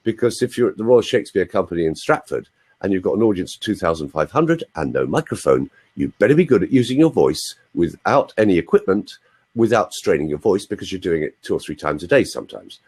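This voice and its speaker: A middle-aged man coaching voice in an animated, demonstrative way during an online interview. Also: deep voice, brisk, breathy edge. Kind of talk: live video interview.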